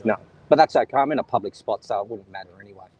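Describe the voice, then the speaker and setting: A man's voice: on the low side, rapid-fire, darkish tone, highs cut off. An Australian man hosting an outdoor live stream on a beach, talking straight to his viewers and sharing firm opinions in casual commentary. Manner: opinionated, talks straight to viewers and reads out chat.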